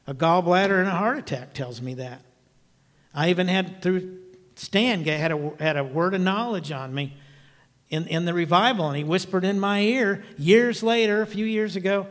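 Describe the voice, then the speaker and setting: A man in his sixties preaches from the pulpit, telling his story with earnest emphasis. His voice sits high for a man, and it rings out with a long reverb tail from a large church. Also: expressive, moderate pace. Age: 60s. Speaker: evangelist. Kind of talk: sermon testimony.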